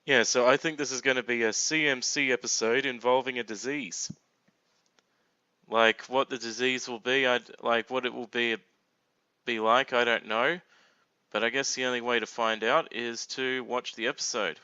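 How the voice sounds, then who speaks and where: A man's voice: medium pitch, sharp tone, smooth, no room sound, dull audio. A man giving casual blind reaction commentary, chatting and laughing aloud as he watches. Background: cartoon audio playing faintly.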